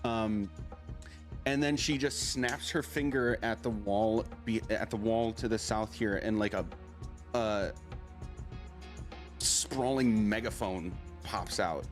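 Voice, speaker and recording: A man narrating a tabletop game as game master, loud and excitable, often breaking into laughter. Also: fairly low pitch, slow, long pauses, faint music behind.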